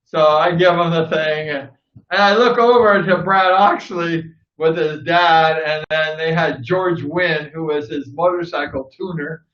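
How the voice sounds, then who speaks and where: A man from Southern California who hosts, telling animated stories casually to camera, laughing often and acting out old conversations. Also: fairly high pitch, a little slow, reverberant, dull audio. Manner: animated, laughs often, acts out past dialogue. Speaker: host, former motorcycle racer.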